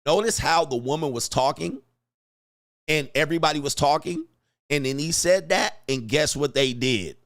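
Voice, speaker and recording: A man hosting a commentary vlog, talking in a profane, animated way and acting out quotes. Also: a little high, moderate pace. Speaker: host.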